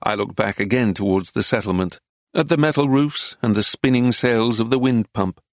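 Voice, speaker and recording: Male narrator, mid-pitched, steady travelogue read, dry close mic. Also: normal speed, no echo. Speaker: audiobook narrator. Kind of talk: scripted narration.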